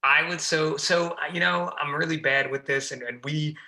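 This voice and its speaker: A man's voice: fairly high pitch, fairly even intonation, moderate pace, bright, forceful tone. A man, a fire lieutenant, talking casually as a podcast guest, full of fillers and restarts. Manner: chatty, many fillers and restarts.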